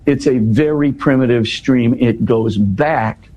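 A man's voice: medium pitch, slow, dark tone, muffled recording, slight background noise. A man explaining a scripture passage in a scholarly but casual way, with frequent restarts and "you know". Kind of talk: conversational explanation.

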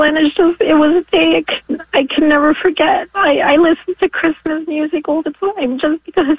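A woman in her forties calling in to a radio show, tearful and halting as she gives an emotional testimony. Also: high voice, steady tone, no echo. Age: 40s. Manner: halting, with apologetic laughs. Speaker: caller. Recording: dry tinny phone line.

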